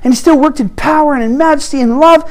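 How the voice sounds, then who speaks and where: A man with a notably high voice leads a teaching session in the style of a personal testimony. He acts out his own past conversations and moves between hushed, confiding passages and sudden loud bursts. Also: fast talker. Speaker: workshop teacher.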